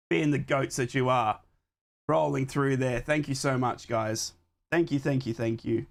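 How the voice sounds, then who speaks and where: A young man with a hoarse voice from a chest infection, hosting a live football watchalong, chatting to his viewers between calls on the match. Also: a little high, fairly even intonation, moderate pace. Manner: chatty, talks to his live chat while fixing things on the fly. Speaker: watchalong host.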